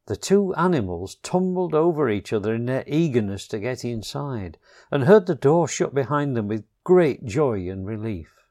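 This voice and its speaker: A man reading a children's storybook chapter aloud, slow and expressive. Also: medium pitch.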